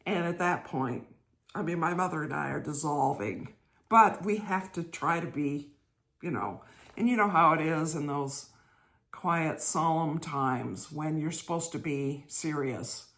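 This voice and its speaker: An older woman hosting her own show, telling a church memory in a gentle, chatty way and laughing as she goes. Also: deep voice. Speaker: host. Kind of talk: casual storytelling monologue.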